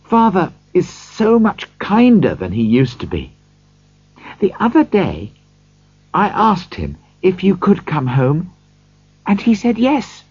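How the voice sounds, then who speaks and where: A man voicing a loving young sister who speaks in bright, eager pleas, on a dull lo-fi recording. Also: high voice, wildly swooping pitch, takes it slowly, breathy edge, no echo, voice pushed up, exaggerated voice.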